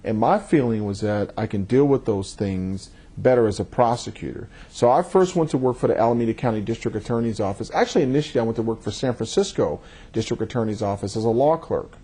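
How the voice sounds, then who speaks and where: A man, a judge, giving thoughtful and measured interview answers, often repeating words as he starts a thought. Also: fairly low pitch, lively intonation, mellow, breathy edge.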